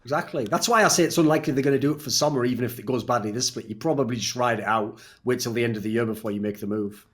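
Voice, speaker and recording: Brief: brash podcast guest, man, teasing and rapid-fire. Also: mid-range voice, a bit bright. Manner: blunt, profane, teasing. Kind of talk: casual podcast chat.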